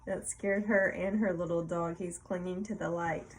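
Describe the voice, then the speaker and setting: A woman reading a picture book aloud to a child, playful, pausing to ask questions and laughing often. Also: on the low side, fairly even intonation, slight background noise, poor audio.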